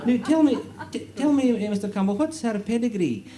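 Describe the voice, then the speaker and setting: A man putting on a high, stammering official. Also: lively intonation, a little fast, a crowd in the background. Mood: flustered. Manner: stammering and hesitant. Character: fussy, flustered male farm-department official. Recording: noisy tape copy with audience laughter.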